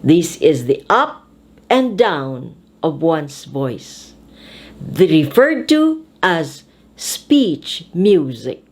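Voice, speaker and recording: Very slow, lively-pitched woman teaching speech. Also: husky. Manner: slow, deliberate, emphatic enunciation. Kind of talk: English pronunciation lesson.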